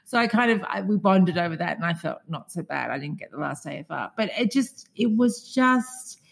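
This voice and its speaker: A woman's voice: on the low side, animated, normal speed, vocal fry, slightly rough. Chatty Australian woman telling stories. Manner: chatty storyteller, acts out quoted dialogue. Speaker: podcast co-host. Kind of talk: casual chat.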